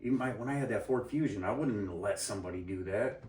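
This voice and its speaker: A man's voice: lowish voice, quick pace, darkish tone, recorded from a distance, a little hiss or hum. A man co-hosting a casual chat, telling a heated story full of profanity and acting out the people in it. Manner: heated, swearing, mimics people in his story. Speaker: podcast co-host. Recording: roomy, off-mic sound.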